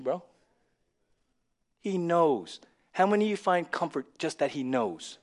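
A male pastor preaching a sermon, dropping to a near whisper and then rising to loud, emphatic lines. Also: fairly high pitch, sing-song, unhurried. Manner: swings from hushed to loud and emphatic.

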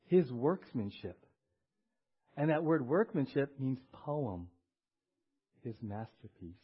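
Male preacher, raised pitch, chatty sermon delivery that pulls the congregation in, dull lo-fi recording. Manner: conversational, tags lines with "right?" and has the congregation respond. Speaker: pastor.

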